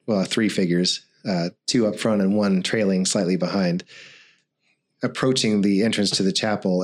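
A man narrating as game master, hesitant and full of fillers. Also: fairly low pitch.

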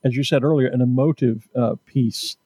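An American male host leads the conversation with calm, explanatory questions. His voice is mellow and warm, and the sound is dry and close. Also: mid-range voice, moderate pace, slightly rough, dry recording. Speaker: interviewer host. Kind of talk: conversational interview.

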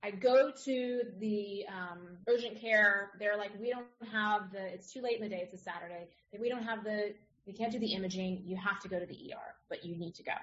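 A middle-aged woman, a podcast guest, telling a personal story in a casual, animated way and acting out the other people in it. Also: medium pitch, a little fast, hardly any pauses. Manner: animated, acts out others' voices in her story. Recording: dull lo-fi audio.

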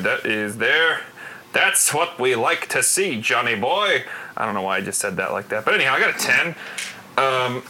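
A man's voice: medium pitch, bright, forceful tone, slight background noise. A man playing a tabletop game, joking and swearing casually. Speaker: player.

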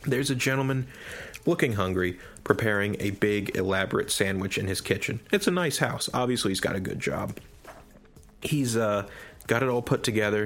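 A man co-hosting a podcast, telling a story in casual chat with lively enthusiasm. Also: lowish voice. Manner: animated storyteller. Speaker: podcast co-host.

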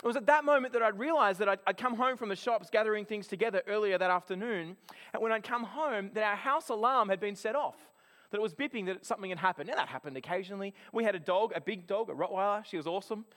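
A man delivers a sermon in a high, light voice. He tells his story in an animated, chatty way. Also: quick pace. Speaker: preacher.

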